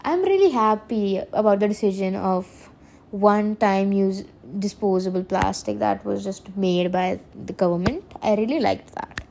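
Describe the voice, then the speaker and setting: A woman's voice: medium pitch, moderate pace, vocal fry, mellow, a little hiss or hum. A woman hosting a solo podcast, rambling earnestly, often correcting herself and laughing. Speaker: podcast host. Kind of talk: casual solo podcast monologue.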